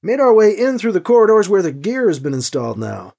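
Alibi, the reader doing a firm, steady male leader. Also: mid-range voice, fast, vocal fry. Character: steady male fighter leader, calm and dry.

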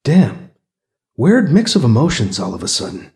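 A man's voice: medium pitch, huge pitch swings, normal speed, a little mellow, voice pushed down. A man voicing a space pilot's inner thoughts in a musing tone. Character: male space pilot thinking to himself.

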